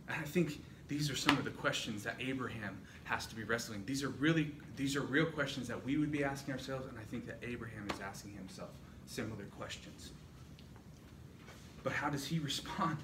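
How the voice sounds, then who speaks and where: A man's voice: medium pitch, fairly quick. A man preaching a sermon in a church hall, retelling a story with dramatic rising and falling intensity. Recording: echoey room, distant mic, noisy.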